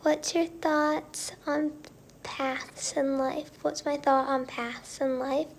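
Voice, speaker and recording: A bubbly woman with a high, bright voice chats casually with her livestream viewers. She is upbeat and chatty, and now and then her voice sinks to a soft whisper. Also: little pitch movement, slow, vocal fry, slight background noise. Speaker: singer hosting a livestream. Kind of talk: casual livestream chat reading viewer comments.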